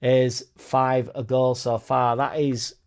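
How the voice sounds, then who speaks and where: A man's voice: medium pitch, flat delivery, slow, a little mellow. A young man chats casually on a live stream. He talks bluntly and swears freely, rambling from one point to the next. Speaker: football fan channel host.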